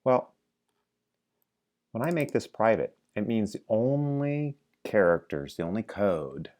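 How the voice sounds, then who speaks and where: Low-voiced man teaching code, chatty. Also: expressive, a little slow, a little mellow. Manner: chatty, asks the viewer questions and prompts them to answer along. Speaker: programming teacher. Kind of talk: live-coding lecture.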